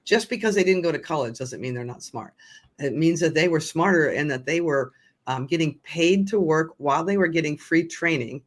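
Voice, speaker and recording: A woman's voice: deep voice, normal speed. An older woman, a nonprofit founder, telling her story as a podcast guest in an earnest way with frequent restarts. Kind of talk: conversational storytelling.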